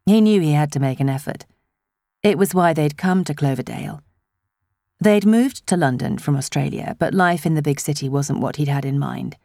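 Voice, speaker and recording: A woman narrating a novel as an audiobook, telling the story in an expressive, measured way. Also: low-pitched, gravelly, dry recording, studio quality. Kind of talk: scripted narration.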